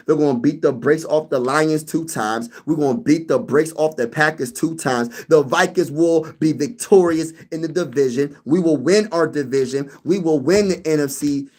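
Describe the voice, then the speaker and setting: A man on a casual sports livestream, talking to his chat with boastful hype. His voice sits a bit higher than most men's. He leans on slang, calls people bro and baby, and repeats lines for emphasis. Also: darkish tone. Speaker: sports channel host. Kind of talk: casual livestream chat reading viewer comments.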